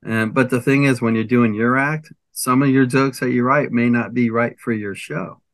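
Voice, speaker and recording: A man's voice: mid-range voice, fairly even intonation, moderate pace, dry recording. An older man, a comedian guest, chatting casually in an interview with a rambling, hesitant manner. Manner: rambling, hesitant, lists things with many fillers.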